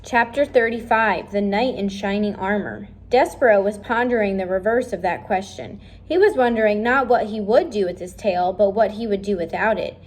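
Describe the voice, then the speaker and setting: A woman reading a children's novel aloud, speaking directly and warmly to her listeners. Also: mid-range voice, moderate pace, few pauses. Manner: friendly, direct address to listeners. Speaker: reader of a children's book. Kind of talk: read-aloud storytelling.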